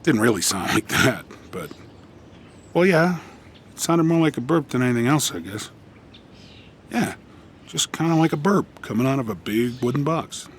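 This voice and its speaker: A man's voice: mid-range voice, lively intonation, moderate pace, pauses often, slight background noise, lightly acted. An actor playing a wisecracking male lab rat, an anti-smoking mascot, telling a rambling stand-up bit in an offhand, hesitant way. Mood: deadpan. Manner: offhand, meandering, hesitant delivery.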